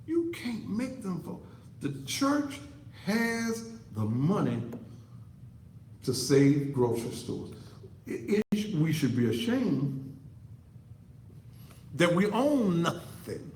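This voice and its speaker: A man's voice: sits high, sing-song, slow pace, pauses often, a little mellow, roomy sound, slight background noise, rough recording. A man delivering a fiery, preachy commentary monologue to camera as an online talk show host, repeating himself for emphasis. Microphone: computer setup facing a monitor.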